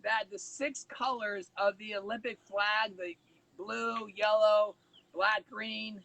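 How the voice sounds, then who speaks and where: A man hosting a casual morning chat with a guest, upbeat, with sudden leaps in pitch. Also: steady tone, slow, creaky, sharp tone, no room sound, poor audio. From United States. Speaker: host.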